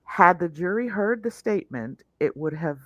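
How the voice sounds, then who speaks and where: A woman's voice: fairly low pitch, lively intonation, normal speed, no echo, lo-fi sound. Dry-voiced woman reading a legal brief. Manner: sardonic asides between read passages. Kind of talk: reading a court filing aloud with commentary.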